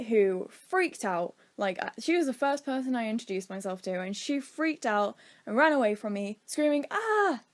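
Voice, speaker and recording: A young British woman casually telling a rambling story time, acting out quotes from her childhood. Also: on the high side. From Britain. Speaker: vlogger.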